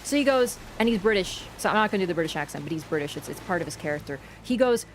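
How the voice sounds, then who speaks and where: A young woman in her twenties from Canada, casually telling a long story while gaming, chatty and animated with frequent laughter. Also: medium pitch, fast talker, few pauses, a little hiss or hum. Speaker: gaming streamer. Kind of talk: casual storytelling over gameplay.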